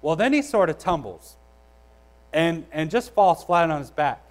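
Casual young male preacher, slightly high voice. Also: very animated, unhurried, poor audio. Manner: conversational, storytelling preacher with frequent restarts. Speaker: pastor. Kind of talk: sermon.

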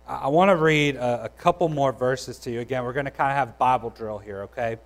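A man's voice: medium pitch, a little fast, few pauses, rough recording. A young adult man preaching a sermon in a conversational, storytelling way, with frequent restarts. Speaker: pastor.

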